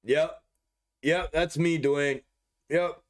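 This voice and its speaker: A man's voice: fairly high pitch, fairly even intonation, extremely slow. A young man live streaming, rambling casually with heavy slang and lots of swearing. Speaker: stock market live streamer.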